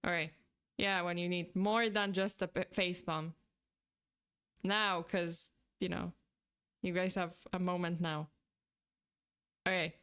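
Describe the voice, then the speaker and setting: A woman's voice: fairly low pitch, fairly even intonation, slow pace, pauses often, a bit bright, smooth. A young adult woman streaming in casual chat, rambling and exasperated, who swears and breaks into outbursts of disbelief.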